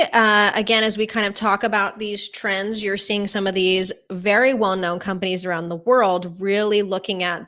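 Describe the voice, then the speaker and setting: A woman's voice: medium pitch, fairly bright tone. A woman giving a keynote talk at a conference, presenting with light fillers. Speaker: keynote speaker.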